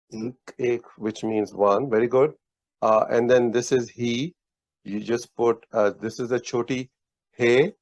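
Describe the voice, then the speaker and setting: A slow, patient man teaches a casual one-on-one Urdu lesson in a medium-pitched, slightly mellow voice. He explains patiently, often restarting and offering praise. The audio is dull, lo-fi and dry.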